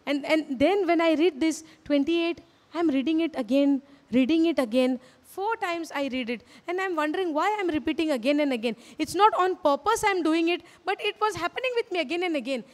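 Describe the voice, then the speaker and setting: A woman's voice: high voice, brisk. A woman with an Indian English accent preaching a sermon, earnest and repetitive, often asking her listeners questions. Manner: earnest, repeats phrases, asks the audience questions. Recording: hall reverb.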